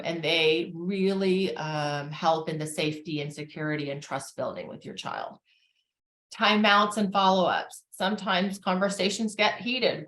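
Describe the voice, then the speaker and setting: Calm woman therapist in an echoey room. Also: low-pitched. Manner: calm, measured, frequent fillers. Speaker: family therapist giving a talk. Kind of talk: educational talk.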